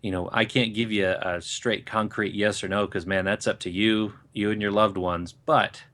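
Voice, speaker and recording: A man's voice: lowish voice, steady tone, normal speed, fairly bright tone. A man co-hosting a podcast, offering thoughtful, rambling advice in casual chat. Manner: thoughtful, rambling, with many fillers and restarts. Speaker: podcast co-host.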